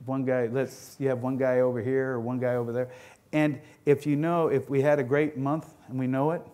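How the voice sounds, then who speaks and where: A man's voice: medium pitch, flat delivery, moderate pace, dark tone. A middle-aged man who owns a dairy farm gives a conference presentation, telling stories in a folksy, rambling way, often restarting and repeating words. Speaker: dairy farm owner giving a talk.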